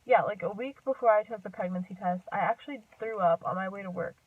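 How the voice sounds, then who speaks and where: A young adult vlogger tells a personal story to her camera in a rambling, chatty way, full of "like" and "um" and frequent laughs, sounding a bit out of breath. Her mid-range voice moves at a quick pace. There's no echo, but the sound is distant, tinny and phone-like.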